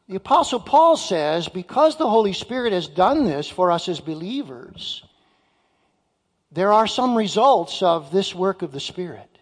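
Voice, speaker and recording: A male pastor delivers a sermon in a church sanctuary. His pace is slow and deliberate, and he leans hard on key words and asks the congregation direct questions. His voice rings with the long reverb of a large hall. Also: high-pitched.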